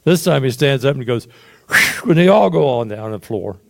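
A man casually retelling his church experiences in a rambling, animated way, acting out quotes and sound effects. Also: mid-range voice, moderate pace, creaky. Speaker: storyteller giving testimony. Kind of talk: casual spoken testimony.

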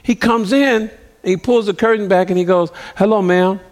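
A man's voice: sits high, brisk. A middle-aged man preaching, telling a story and acting out the voices of the people in it, laughing as he goes. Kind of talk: sermon storytelling.

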